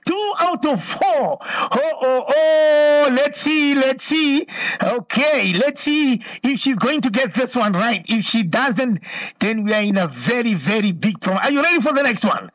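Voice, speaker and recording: Male radio quiz host, high-pitched and very expressive, affectionate and playful, repeats phrases. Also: unhurried, dry recording. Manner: animated, playful and affectionate, with lots of repetition. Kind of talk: live call-in radio show.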